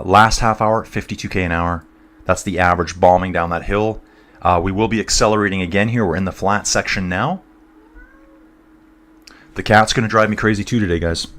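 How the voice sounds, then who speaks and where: A man's voice: low-pitched, fairly bright tone. Chatty, rambling man on a live stream. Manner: chatty and rambling, talks to viewers as "guys" and "dude". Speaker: cycling race commentator. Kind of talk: casual live-stream commentary, chatting with viewers.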